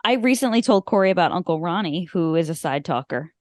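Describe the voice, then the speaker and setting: A woman's voice: on the low side, lively intonation, quick pace, a little mellow, no room sound, clean studio sound. A young woman co-hosting a movie podcast in casual chat, with wry short reactions and side stories. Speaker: podcast co-host.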